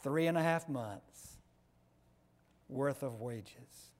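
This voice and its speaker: A man preaching a sermon with slow, emphatic delivery, swinging between loud stressed words and soft low drops. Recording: long echo of a large hall.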